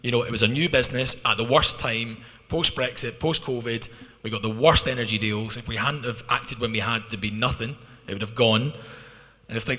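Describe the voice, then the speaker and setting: A Scottish man from a club's management team answering fans' questions in an arena, lively and quick with frequent restarts. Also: medium pitch. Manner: animated, talks fast with restarts. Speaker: club management speaking at a fan Q&A. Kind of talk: candid spoken answers to fans. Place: arena hall. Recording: long arena reverb.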